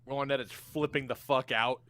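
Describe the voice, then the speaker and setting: A man's voice: medium pitch, normal speed. A man co-hosting a podcast in casual chat, telling stories with plenty of swearing. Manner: animated storytelling, swearing. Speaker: podcast co-host.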